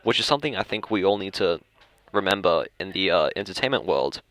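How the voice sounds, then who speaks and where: A young man with a natural Australian accent talks casually into the mic, his voice low and the sound dry and close. He rambles through half-finished thoughts, corrects himself mid-sentence and chuckles at his own tangents. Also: animated, fairly quick, fairly bright tone, no room sound. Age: young adult. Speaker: podcast host. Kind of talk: casual chat. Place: school library.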